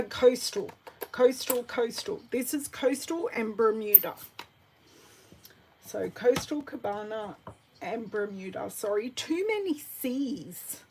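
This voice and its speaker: Female craft demonstrator, slow, gravelly, chatty thinker-aloud. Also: a little high, expressive, a little mellow, slight background noise, low-quality recording. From Australia. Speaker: card-making demonstrator. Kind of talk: live crafting tutorial chat. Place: at a craft desk.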